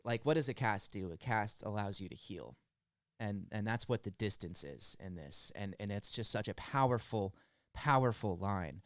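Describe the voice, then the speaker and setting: A man's voice: fairly low pitch, expressive, no room sound, clean studio sound. Earnest young man choking up. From United States. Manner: earnest, halting, stumbles over words. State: emotional, near tears. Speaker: music reaction host. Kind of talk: emotional song analysis.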